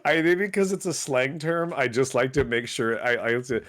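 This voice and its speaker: Man, animated pitch, dry close sound, bemused and questioning, casual podcast chat. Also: fairly quick, no room sound. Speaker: podcast co-host.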